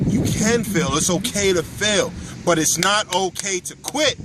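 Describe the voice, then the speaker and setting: A man's voice: high-pitched, unhurried, hardly any pauses, very noisy. A man hosting a motivational talk to camera outdoors, preachy and emphatic, repeating his key lines. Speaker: motivational video host. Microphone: camera mic, filmed by his wife.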